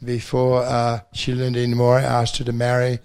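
An older man from New Zealand with a New Zealand accent, a pastor telling his faith testimony at a banquet with gentle self-deprecating humor. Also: mid-range voice, monotone, normal speed, clear, resonant tone.

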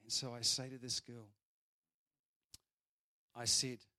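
A man over forty, preaching a sermon and telling a story with big swings between loud and soft. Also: medium pitch, little pitch movement, slow pace.

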